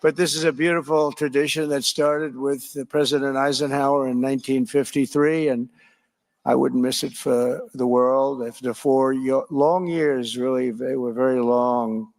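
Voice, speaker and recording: A man's voice: mid-range voice, steady tone, moderate pace, darkish tone. An older man speaking at a formal event, rambling with offhand asides. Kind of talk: public speech.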